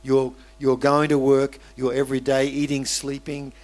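A man's voice: medium pitch, completely flat delivery, moderate pace, darkish tone. A man with an Australian accent, a pastor preaching a sermon in a conversational way, with restarts and asides to the congregation.

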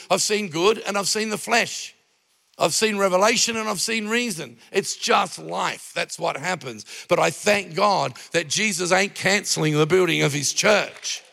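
A man's voice: sits high, creaky, sharp tone, big-room sound. A middle-aged man preaching a sermon as pastor, talking in a conversational way with jokes and anecdotes.

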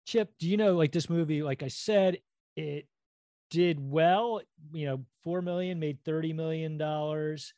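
A middle-aged man co-hosting a podcast in casual chat, quick with asides and jokes. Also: on the high side, dark tone, no echo. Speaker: podcast co-host.

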